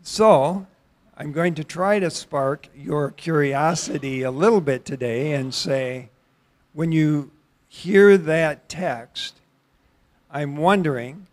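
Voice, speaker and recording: A middle-aged man leads a church Bible study in a casual, questioning way. His voice sits a little high for a man, and he often restarts his sentences. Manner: conversational, questioning, with halting restarts. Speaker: pastor leading a Bible study. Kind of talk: interactive church sermon.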